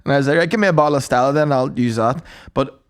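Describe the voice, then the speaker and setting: A young man, telling a sweary, animated story on a casual podcast and acting out both sides. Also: medium pitch, racing. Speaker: podcast co-host.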